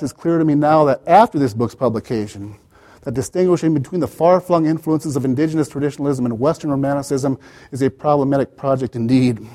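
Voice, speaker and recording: A man's voice: on the high side, mellow. A man giving an academic lecture as the author, digressive, with wry asides and many "you know" fillers.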